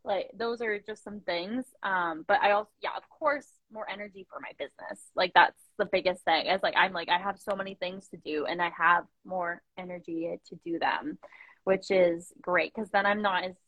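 A woman's voice: lowish voice, moderate pace, dry recording, muffled recording. A young woman business owner chatting casually on a video call, full of fillers and quoted asides. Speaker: coaching client, business owner.

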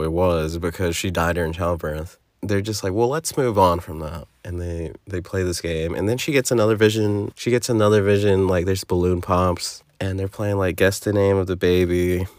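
Low-voiced young man rambling casually. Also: moderate pace, few pauses, dry recording, studio quality. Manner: rambling, profane, filler-heavy with lots of "like". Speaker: podcast host recapping a movie. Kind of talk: casual spoken recap.

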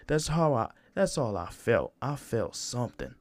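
A man's voice: medium pitch, sing-song, measured pace, hardly any pauses, no room sound. A young man hosting a solo podcast, talking casually in a rambling, profane way with lots of "you know" and restarts. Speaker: podcast host.

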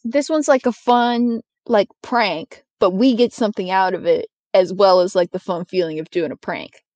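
A woman's voice: mid-range voice, normal speed, darkish tone, no room sound. A woman playing a tabletop game in casual chat, rambling and swearing offhandedly, on a slightly dull mic. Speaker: player.

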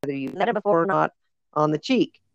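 A podcast co-host with a low, gravelly voice talks fast with lively intonation, telling rambling stories in casual chat stuffed with fillers. The recording is dull, lo-fi and dry, with no echo.

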